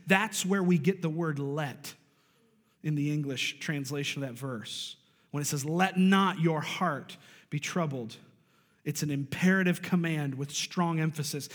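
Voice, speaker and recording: A man pastor preaching a sermon, building emphasis and calling out to his congregation. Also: a little high. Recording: long reverb of a large hall.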